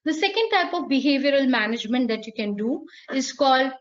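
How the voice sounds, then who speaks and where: A woman's voice: high voice, a little fast, lo-fi sound. A woman giving a live online lecture to teachers, playful and acting out sounds as she explains. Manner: lively, playful, acts out sounds and voices. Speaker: teacher trainer.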